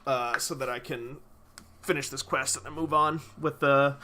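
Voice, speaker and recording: A male streamer with a fairly high pitch and normal pace offers loose, rambling commentary over his gameplay. His bright, forward tone carries a lot of swearing as he gushes about the game.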